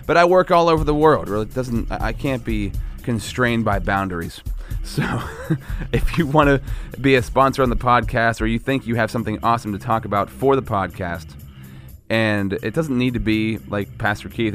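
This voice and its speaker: A man's voice: fairly low pitch, moderate pace, a bit bright, soft background music. Rambling Pennsylvania podcast host, man. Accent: central Pennsylvania. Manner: loose, rambling, joking delivery. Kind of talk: casual podcast chat and self-promotion. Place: small podcast studio.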